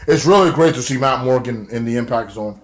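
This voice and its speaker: A man's voice: mid-range voice, brisk. A man recapping a wrestling show in a rambling, casual way, full of fillers and swearing.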